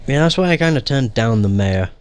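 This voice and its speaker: A man's voice: medium pitch, animated, a little fast, no echo, soft background music. A young man giving casual gameplay commentary in a joking, profane, sarcastic way.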